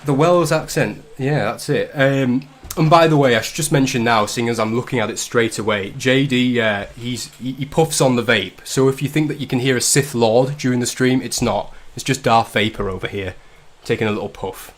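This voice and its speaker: A man's voice: medium pitch, normal speed, hardly any pauses. A man from the north of England hosts a casual drinking livestream. He jokes constantly, swears freely and keeps up a running banter in an ordinary mid-range voice. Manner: swearing, joking banter with frequent laughs. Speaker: livestream host. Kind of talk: casual drinking-stream chat.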